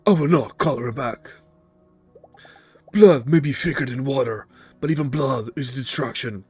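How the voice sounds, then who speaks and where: A man's voice: medium pitch, measured pace, slightly rough. A man voicing a cold, terse male monster slayer in a video game, reading his lines with clipped gravity and light game music behind. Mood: grim.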